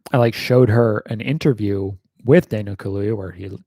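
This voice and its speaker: A man's voice: fairly low pitch, normal speed, vocal fry, mellow, dry recording. An American man hosting a casual livestream Q&A, rambling wryly with lots of fillers and the odd swear. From United States.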